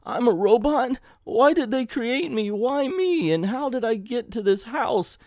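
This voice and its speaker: A man's voice: very high-pitched, expressive, measured pace, a little mellow, no echo, clean studio sound, pitched above the performer's own voice, full character voice. A man voicing a bewildered, newly awakened male robot superhero who exclaims in confused questions.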